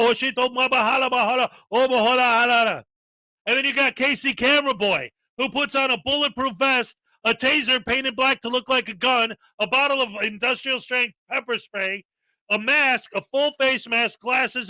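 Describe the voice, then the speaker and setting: A man with a high, very bright voice rants through a casual live-stream chat and reels off long lists. The sound is close and dry. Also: dry recording, rough recording.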